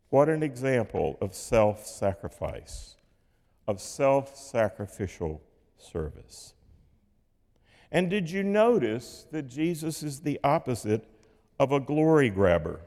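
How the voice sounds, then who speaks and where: A man preaching a sermon in a measured, rhetorical way, with dramatic pauses and dips in volume. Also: mid-range voice, very animated, a little mellow. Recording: long hall reverb.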